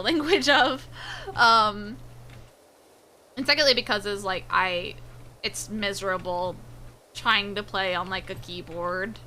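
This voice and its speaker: Bright-voiced woman streamer, rambling and laughing. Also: medium pitch, slight background noise, poor audio. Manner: rambling, swears freely, laughs often. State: slightly sore throat. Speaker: VTuber streamer. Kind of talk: casual gameplay chat.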